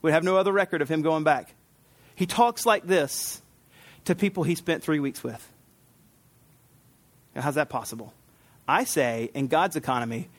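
A middle-aged man preaching a sermon to his congregation in an earnest, conversational way, repeating key phrases for emphasis. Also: on the high side. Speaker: pastor.

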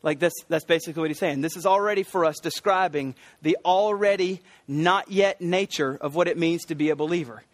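Middle-aged American male pastor, high-pitched, dry close sound, earnest sermon delivery with repeated key words and frequent fillers. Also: brisk, hardly any pauses, no echo. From United States.

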